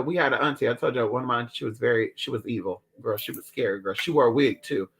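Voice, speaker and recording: A man telling family stories in a casual chat, animated and profane. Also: mid-range voice, fast talker, few pauses, husky. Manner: animated, profane, dramatic, calls listeners girl. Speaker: storyteller.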